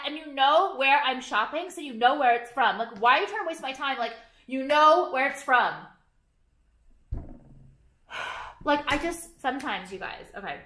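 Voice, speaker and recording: A woman's voice: high-pitched, lively intonation, moderate pace, pauses often, pushed and bright, roomy sound. A young woman vlogging to camera, rambling and swearing a lot as she vents her irritation. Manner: rambling, profane, irritated, lots of "like". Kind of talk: casual ranting vlog.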